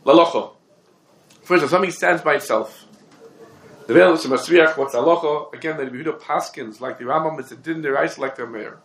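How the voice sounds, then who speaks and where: A man giving a Talmudic lecture, reasoning fast through questions and answers. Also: a little high, a bit bright, reverberant. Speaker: Torah teacher.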